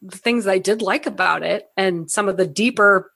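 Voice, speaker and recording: A young woman co-hosting a movie podcast, blunt and profane, ranting with animated energy. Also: medium pitch, moderate pace, gravelly, no echo. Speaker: podcast co-host. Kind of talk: casual movie review chat.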